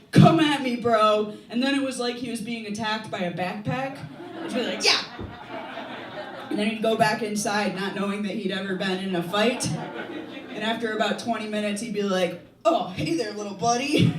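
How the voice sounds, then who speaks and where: Young comic rambling through a set, self-mocking, giggles at own bits, mic far off, noisy room. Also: mid-range voice. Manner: rambling, self-deprecating, laughs at own jokes. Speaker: stand-up comedian. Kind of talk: stand-up comedy set. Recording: echoey noisy room from a distance.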